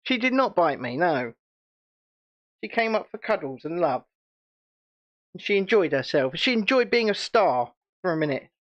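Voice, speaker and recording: A man's voice: high-pitched, very animated, normal speed, long pauses, a bit bright, dull audio. Chatty British man hosting a livestream. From United Kingdom. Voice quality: chatty, laughs often, rambling asides. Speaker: channel host. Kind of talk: casual livestream chat.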